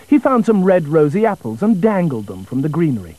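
A man narrating a children's storybook in an expressive, melodic way. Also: on the high side, fairly quick, poor audio.

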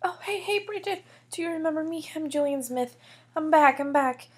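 A woman voicing an excitable, boastful little boy in a toy figure story, with bouncy, squealing cheers. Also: high voice, normal speed, close to an everyday voice. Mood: apologetic.

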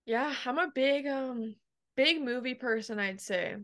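A woman's voice: sits high, unhurried, fairly bright tone. A young woman with a Canadian accent, a podcast guest chatting casually and laughing often as she acts out quoted voices. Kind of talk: casual chat.

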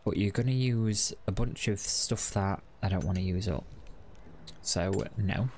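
A man's voice: on the low side, a little slow, a little mellow, a little hiss or hum. A man giving casual, wry let's-play commentary and chatting to the game. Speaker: gaming video host.

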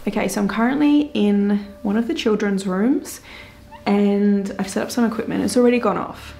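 A woman vlogging from inside an old building, chatting in hushed tones and speaking directly to spirits. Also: medium pitch, normal speed, vocal fry, faint music behind. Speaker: ghost-hunting vlogger. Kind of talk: casual vlog narration. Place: inside an old hospital room.

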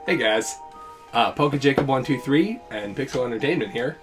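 Giggly, animated young man. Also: medium pitch, moderate pace. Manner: giggly, animated, lots of fillers. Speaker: let's play host. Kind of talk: casual let's play commentary. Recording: faint game music behind.

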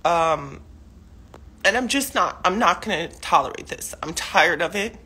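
A woman in her forties talks straight to camera from her living room in an unscripted live video. Her voice is husky and sits a little low, and her delivery is emotional and rambling, full of fillers and restarts. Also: lively intonation, a little slow, sharp tone. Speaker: mother speaking out on social media. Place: living room at home, cluttered with clothes.

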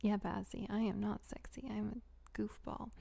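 A young adult woman hosting a casual live Q&A, giggly and rambling, often dropping into soft whispery asides. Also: mid-range voice, flat delivery, normal speed, creaky, slightly rough. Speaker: audio creator hosting a live Q&A. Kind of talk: casual livestream chat.

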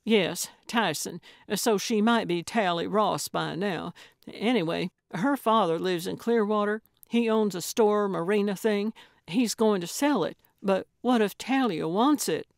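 A woman's voice: mid-range voice, a little slow, creaky, dry recording, clean studio sound. A woman voicing an eager, fussy older woman amateur sleuth, earnest and flustered in an audiobook. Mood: insistent.

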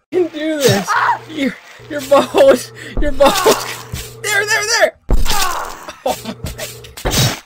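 High-pitched yelping male gamer. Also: lively intonation, very slow, long pauses, over music. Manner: yelps, shouts and laughs, swears often. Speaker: gaming YouTuber. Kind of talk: excited let's-play commentary.

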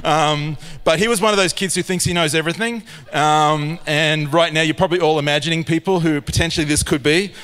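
A man with an Australian accent preaching a sermon in a church, a lively storyteller who acts out his scenes. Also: fairly high pitch, fairly quick, hardly any pauses, smooth. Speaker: pastor. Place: large church auditorium. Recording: long church hall reverb.

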